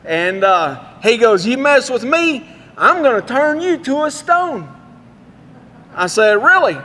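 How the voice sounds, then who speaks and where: A man's voice: very high-pitched, fairly bright tone. A male pastor preaching a sermon in a folksy, storytelling way, in a church sanctuary. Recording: long hall reverb.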